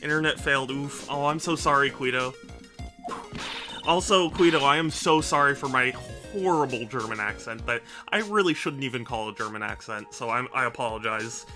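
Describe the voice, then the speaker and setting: A man's voice: mid-range voice, normal speed, pushed and bright, soft background music. A man chatting casually with his viewers while streaming a game, stammering and joking at his own expense. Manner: self-deprecating, rambling, stammering.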